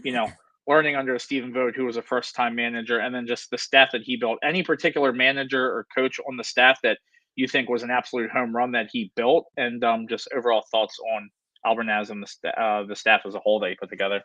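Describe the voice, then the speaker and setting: Brisk male podcast host in casual sports talk, quick and chatty, muffled lo-fi sound with no room echo. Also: medium pitch. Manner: fast, animated, chatty. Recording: dull, lo-fi, dry sound.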